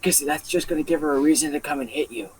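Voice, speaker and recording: A young man voicing his stern father, speaking low and dismissively. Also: huge pitch swings, quick pace, creaky, heavily acted, low-quality recording. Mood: hushed. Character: stern, unbothered father hushing his son.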